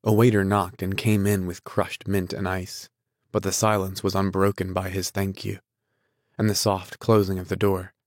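A man narrating a novel in a measured, steady reading voice. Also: low voice, no echo, clean studio sound. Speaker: audiobook narrator.

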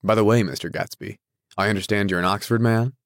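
A man's voice: fairly low pitch, fairly even intonation, quick pace, no room sound, studio quality, close to an everyday voice. A man voicing an arrogant wealthy husband who speaks in an incredulous, insulting, snapping way. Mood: sneering.

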